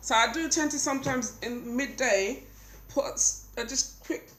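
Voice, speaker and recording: A woman from the UK, sick with a cold, gives a chatty hair update vlog from home, filled with ums and digressions. Her voice is on the high side and a bit bright, her pace measured, and the room sounds spacious.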